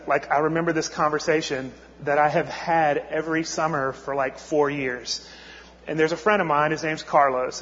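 A man's voice: fairly high pitch, a bit bright. Man telling a story in an echoey hall. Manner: conversational, frequent "like" and restarts. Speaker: missionary speaker. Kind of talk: storytelling sermon. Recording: echoey hall, muffled sound.

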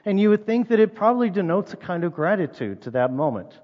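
A man preaching a sermon in a relaxed, conversational way, asking the listeners rhetorical questions. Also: sits high, fast talker. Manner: conversational, reads scripture aloud, asks rhetorical questions. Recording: reverberant dull-sounding hall.

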